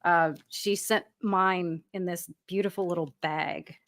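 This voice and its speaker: A woman co-hosting a spiritual talk show in a casual, soft-spoken and measured way. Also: on the low side, fairly even intonation. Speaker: co-host. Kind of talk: casual chat.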